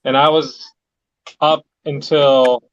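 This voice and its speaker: A man chatting casually with friends, telling animated stories full of "like". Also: mid-range voice, slow, dry recording, muffled recording. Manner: animated storytelling, peppered with "like". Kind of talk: casual chat.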